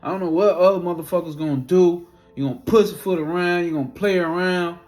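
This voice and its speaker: Profane, animated man telling a story. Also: high-pitched, quick pace, faint music behind. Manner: profane, emphatic, acts out his own reactions. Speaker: spiritual storyteller.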